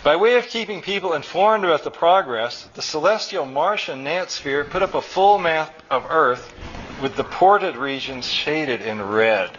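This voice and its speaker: A man reading his own story aloud live at a college, wry and lively. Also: on the high side, unhurried, dull audio, slight background noise. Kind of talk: public fiction reading.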